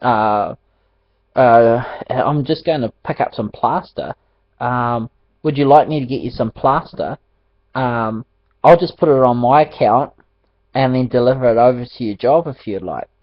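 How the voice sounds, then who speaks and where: A man's voice: mid-range voice, a little slow, dry recording, highs cut off, lightly acted. A man voicing his own father, a friendly and helpful middle-aged dad who keeps eagerly offering things.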